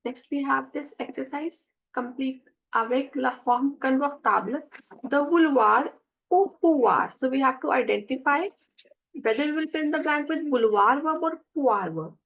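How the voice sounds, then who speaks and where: A woman with a high voice teaches a French lesson. She explains each step patiently, saying French phrases slowly and then translating them. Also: creaky, fairly bright tone, low-quality recording. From India. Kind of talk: classroom explanation.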